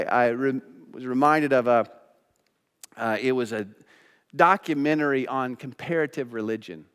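Guy preaching from the pulpit, pleads then goes quiet and close, big echoey sanctuary. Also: medium pitch, smooth. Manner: pleading, emphatic preaching that drops to a quiet, intimate tone. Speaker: pastor. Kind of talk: sermon. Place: church sanctuary. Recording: long church reverb.

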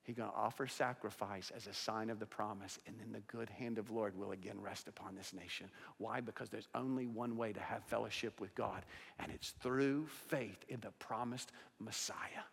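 A male pastor preaching a sermon to a congregation, swinging between loud declarations and hushed, intense asides. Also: lowish voice, steady tone, fairly quick, gravelly, few pauses, husky. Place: church sanctuary with a congregation. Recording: long hall reverb.

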